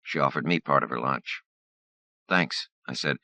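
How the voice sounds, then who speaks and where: A man narrating a first-person short story for an audiobook in a lively, expressive way. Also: a bass voice, quick pace, dry recording.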